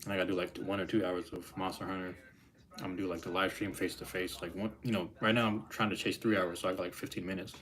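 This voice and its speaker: A man's voice: low-pitched, little pitch movement, quick pace, a bit bright. A young man casually chatting on his live stream, laid-back and rambling, with loose slang.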